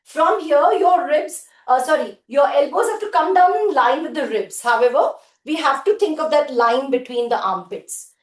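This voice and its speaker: A woman's voice: sits high, animated, normal speed, hardly any pauses. A woman leading a live group workout, counting reps and giving short cues and praise. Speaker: fitness instructor. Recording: echoey room.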